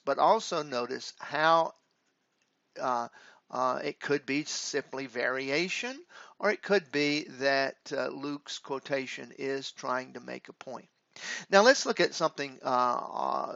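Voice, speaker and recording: A man teaching Greek grammar in a halting, deliberate way, with frequent filler pauses. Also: medium pitch, vocal fry, fairly bright tone, no room sound. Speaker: Greek professor. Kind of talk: grammar lecture. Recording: dull lo-fi dry recording.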